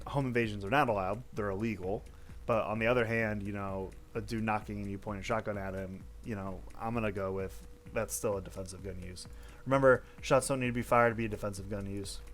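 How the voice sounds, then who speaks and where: A man hosting, reading news stories aloud with blunt, offhand asides and some cursing. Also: fairly low pitch. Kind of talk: casual news read-through with commentary.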